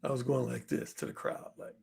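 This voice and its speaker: A man telling a story in a casual monologue, animated and repetitive, acting out the quotes. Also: medium pitch, a little fast, creaky, slightly rough. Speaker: dating commentator.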